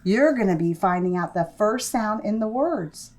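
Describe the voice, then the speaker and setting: A young woman teaching a phonics lesson to small children, stretching out sounds in a slow, encouraging voice. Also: mid-range voice, lively intonation, slight background noise. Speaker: preschool teacher.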